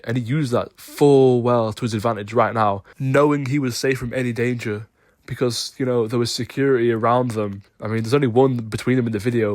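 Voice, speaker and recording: A man's voice: mid-range voice, no echo, studio quality. A man giving opinionated sports commentary, emphatic and insistent as he argues his case.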